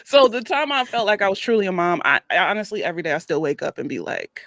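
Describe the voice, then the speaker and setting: A woman telling a story in casual group chat, with an animated, apologetic manner. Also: lowish voice, fast, no room sound, studio quality. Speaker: guest.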